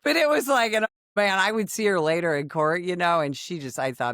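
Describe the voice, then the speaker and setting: A woman in her sixties, a former undercover police officer, telling a story in a podcast conversation with dramatic, animated retelling. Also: lowish voice, a little fast, no echo, studio quality. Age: 60s.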